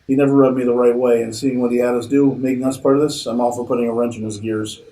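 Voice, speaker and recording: A man's voice: medium pitch, flat delivery, quick pace, dark tone, recorded from a distance, lightly acted, rough recording. A man reading as a wisecracking tough soldier. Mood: wry.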